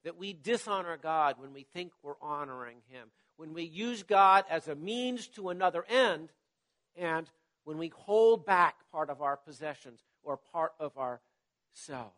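A man preaching a sermon to his congregation and reading scripture aloud, measured and emphatic, his voice dropping away at the end of phrases. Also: on the high side, a bit bright. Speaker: pastor.

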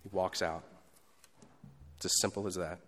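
A pastor giving a sermon in a conversational style, moving between loud emphasis and quiet asides. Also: male voice, sits low, little pitch movement, normal speed, big-room sound.

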